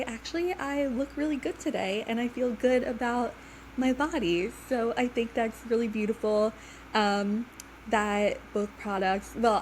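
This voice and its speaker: Upbeat young woman host, heavily pregnant, talks a bit high, faint hiss behind. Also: low-quality recording. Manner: chatty, upbeat, frequent "like" and "mm-hmm". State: heavily pregnant, due today. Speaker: podcast host. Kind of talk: casual interview chat.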